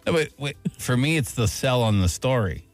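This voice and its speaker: Male radio co-host, lively and teasing, mid pitch, faint music under. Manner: teasing, animated and quick. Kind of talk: casual banter.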